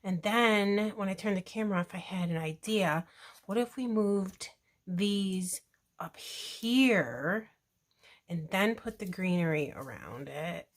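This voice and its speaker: A woman hosting a crafting video, talking casually to viewers in a relaxed, chatty way while working with her hands. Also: fairly low pitch. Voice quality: relaxed, chatty, self-deprecating asides.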